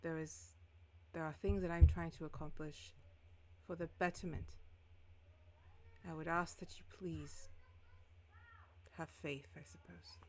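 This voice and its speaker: A woman's voice: low-pitched, steady tone, normal speed, mellow, close to an everyday voice. A woman voicing a secretive young male mage who speaks formally and guardedly.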